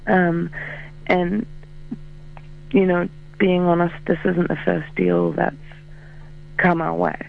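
A man, a musician in a band, chatting casually in an interview, full of fillers and quick laughs, heard over a phone call. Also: high-pitched, very animated, gravelly. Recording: tinny phone line.

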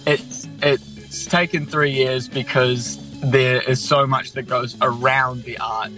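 Bright-toned New musician, chatty. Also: male voice, medium pitch, fairly even intonation, takes it slowly, soft background music, poor audio. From New Zealand. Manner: enthusiastic, chatty, self-deprecating. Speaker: musician, interview guest. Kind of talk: casual radio interview.

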